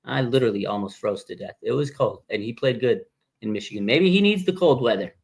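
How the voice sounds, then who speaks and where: A man in his thirties hosting a live fan stream, chatting casually in animated, slangy, rambling banter. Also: medium pitch, fairly quick, gravelly, breathy edge. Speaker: fan show livestream host.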